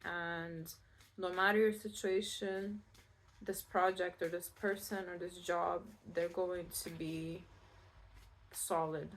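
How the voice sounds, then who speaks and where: A woman's voice: fairly low pitch, flat delivery, slow, a little hiss or hum. A Scottish woman giving a casual pick-a-card tarot reading, chatty and reassuring, with many fillers and restarts. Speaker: tarot reader.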